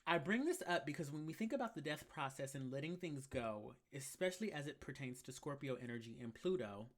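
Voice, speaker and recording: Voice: medium pitch, lively intonation, fairly quick. Sassy, emphatic tarot reader. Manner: sassy, emphatic, slangy and blunt; repeats key phrases for emphasis. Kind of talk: live collective tarot reading.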